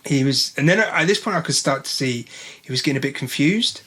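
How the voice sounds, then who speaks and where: A man's voice: mid-range voice, animated, a little fast, bright, forceful tone, slightly rough. A man co-hosting a podcast, telling a story in casual chat and acting out the dialogue with lots of animation. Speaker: podcast co-host.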